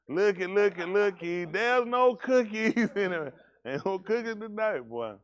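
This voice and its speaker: A man's voice: sits high, animated, slow, a bit bright. A man leading a congregation, bantering casually and teasing people in a joking, folksy way.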